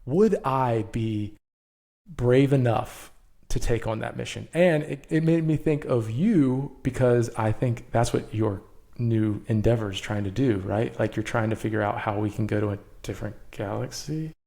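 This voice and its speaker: A man co-hosting a podcast in casual chat, excitable and quick to laugh. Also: mid-range voice, gravelly. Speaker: podcast co-host.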